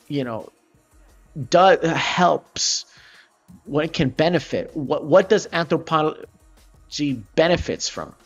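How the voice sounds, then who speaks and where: A man chats on his art livestream in a loose, rambling way, cursing offhandedly as he goes. His voice sits at a middling pitch. The audio is dull and lo-fi, with faint music playing under it. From Florida, United States. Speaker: livestreaming artist. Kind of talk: casual rambling chat while drawing.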